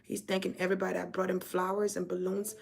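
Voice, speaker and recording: A woman doing a channeled spiritual reading, halting and emotional as she searches for words. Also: lowish voice, flat delivery, creaky, husky. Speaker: spiritual reader.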